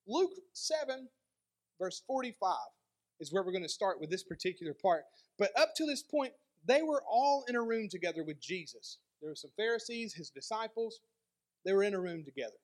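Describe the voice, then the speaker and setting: A male pastor giving a sermon, telling a personal story in a conversational, animated way. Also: high voice. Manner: conversational storytelling with lively dynamic swings.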